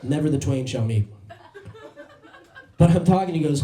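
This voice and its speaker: A man doing a stand-up comedy set, telling animated stories and slipping into voiced impressions. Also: on the high side, fast talker, reverberant, slight background noise. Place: comedy club stage.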